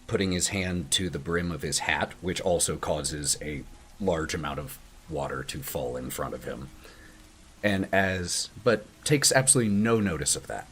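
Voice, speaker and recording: A man narrating a tabletop horror game as its game master, describing scenes slowly and in detail. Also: a bass voice, fairly bright tone, slight background noise.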